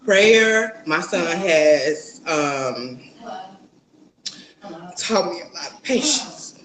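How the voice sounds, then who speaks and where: A woman's voice: fairly low pitch, animated, very slow, fairly bright tone. Woman guest, musing and rambling, lots of "you know", roomy echo. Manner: reflective, rambling with many fillers. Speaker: mother of a young son, guest. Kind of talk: casual interview talk.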